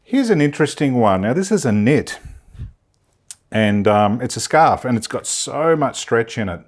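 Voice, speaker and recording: A man's voice: medium pitch, big pitch swings, moderate pace. A man giving a casual, chatty sewing demonstration in a studio, enthusiastic and thinking aloud with fillers. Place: film studio.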